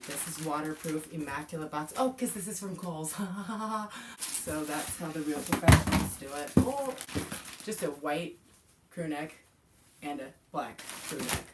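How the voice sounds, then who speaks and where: A woman's voice: low-pitched, lively intonation, measured pace, recorded from a distance, very noisy. A woman in her forties chatting casually while unboxing, gushing and exclaiming often. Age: 40s. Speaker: vlogger.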